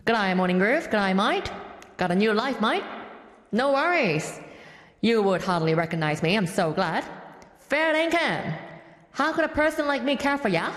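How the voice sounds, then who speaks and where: A woman's voice: a little high, a bit bright, reverberant, long reverb tail. A woman voicing Samantha, a cheery Australian woman with an Australian accent who drops slang into every line.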